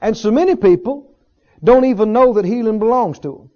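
A man's voice: high voice, animated, a little fast, warm tone, lo-fi sound. A man preaching a sermon to his congregation, teaching earnestly with repeated phrases and rhetorical questions. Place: church service with a congregation.

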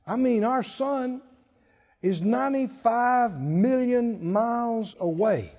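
Male preacher, slow and mellow, quick to laugh, sermon recorded dull in a reverberant hall. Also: very high-pitched. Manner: conversational, laughs often, asks the congregation questions. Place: church or conference hall.

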